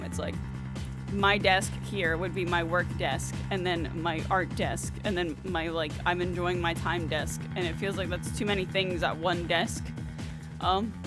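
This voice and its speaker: A young woman livestreaming a video game, chatting casually and rambling with lots of fillers, laughs and playful voices for her cats. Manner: talks to her pets in playful squeaky voices. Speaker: streamer playing a video game. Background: game music.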